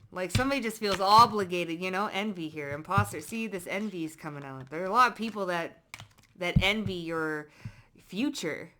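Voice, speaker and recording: A woman's voice: on the low side, expressive, normal speed, slight background noise. Blunt, profane woman tarot reader. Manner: blunt, profane, emphatic, slangy; swings between loud bursts and muttered asides. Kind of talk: casual tarot reading monologue.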